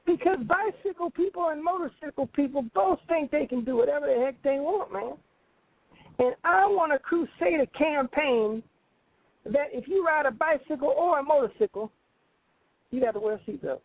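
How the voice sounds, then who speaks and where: Comic radio host, male: high and raspy, brags and rambles in broken grammar, dry studio sound. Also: lively intonation, moderate pace, dry recording, poor audio. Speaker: call-in show host. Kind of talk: comedic call-in radio monologue.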